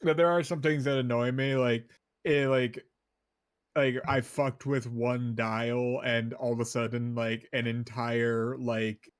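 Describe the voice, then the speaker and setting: A man's voice: mid-range voice, flat delivery, takes it slowly, smooth, dry recording, studio quality. A man chatting casually on a stream, rambling with lots of fillers and restarts. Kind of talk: casual chat.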